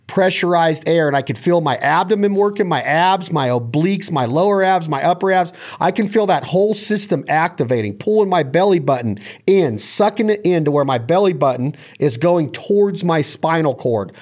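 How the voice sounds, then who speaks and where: A man's voice: a little high, animated, normal speed, few pauses, darkish tone. A man hosting a casual chat on duck calling, speaking with enthusiasm and sometimes breaking into vocal call sounds. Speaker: podcast host.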